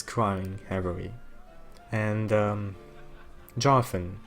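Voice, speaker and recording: Man narrating a tabletop tale, low voice, slow and halting, faint music behind. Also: fairly bright tone. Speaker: storyteller in a tabletop game. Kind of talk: improvised storytelling.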